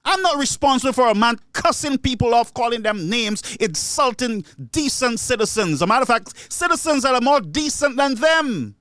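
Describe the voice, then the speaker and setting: A man's voice: very high voice, animated, moderate pace, hardly any pauses, fairly bright tone, dry recording, studio quality. A man with a Caribbean English accent delivering an indignant, repetitive political rant as a solo commentator. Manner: indignant, ranting, repeats himself. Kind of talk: solo opinion monologue.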